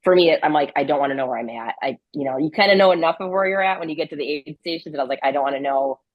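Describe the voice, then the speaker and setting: Interview guest: woman, low voice, chatty, filler-heavy, laughs easily, dry close sound. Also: very fast, dry recording, dull audio. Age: adult with a grown daughter. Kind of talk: casual podcast interview.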